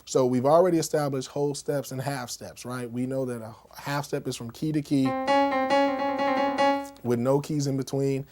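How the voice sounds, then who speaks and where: A man teaches music theory in a relaxed, chatty way, regularly pausing to check in with his students. His voice is mellow and warm. A faint trace of music sits behind him. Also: medium pitch. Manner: conversational, keeps checking in with "okay?" and "right?"; demonstrates on a keyboard while explaining. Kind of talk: casual music lesson.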